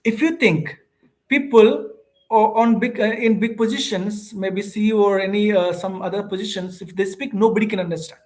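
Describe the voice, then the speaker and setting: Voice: mid-range voice, moderate pace. A speaker with an Indian English accent, an English teacher who chats casually on a live stream and answers viewer comments with frequent hesitations. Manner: chatty and animated, reads and answers viewer comments, frequent "uh" fillers.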